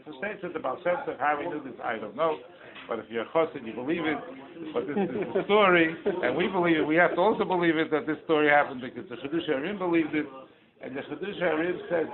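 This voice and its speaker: Animated male rabbi storyteller, fairly high voice, tinny phone-like capture. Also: fast. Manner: animated storyteller, repeats and restarts. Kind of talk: storytelling talk at a holiday gathering. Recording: tinny lo-fi recording with crowd.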